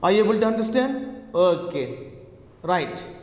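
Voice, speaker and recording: A male teacher giving a classroom lecture, dictating slowly and repeating key terms, and often checking on his students with "okay" and "right.". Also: high voice, big pitch swings, a little mellow, echoey room, in a large hall.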